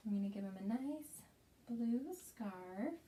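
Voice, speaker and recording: A woman teaching a preschool craft lesson, speaking slowly, gently and encouragingly to young children as they follow along. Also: medium pitch, animated, slight background noise.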